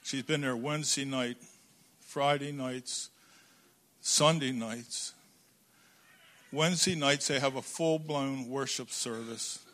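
An older man preaching a sermon, telling a family story with quoted dialogue, voice swinging between loud bursts and low asides. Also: steady tone, slow, pauses often. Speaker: pastor.

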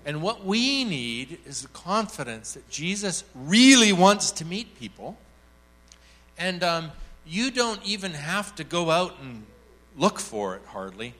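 Male church speaker, lively storyteller, acts out the voices, bright and forceful tone, slightly higher pitch. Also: measured pace. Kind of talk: teaching talk with acted anecdote.

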